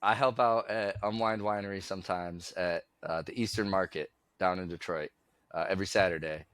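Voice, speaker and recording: A man's voice: sits low, steady tone, moderate pace, fairly bright tone, dry recording, clean studio sound. A middle-aged man, co-hosting a podcast, tells a rambling story in casual chat and acts out both sides of the conversation. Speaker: podcast co-host.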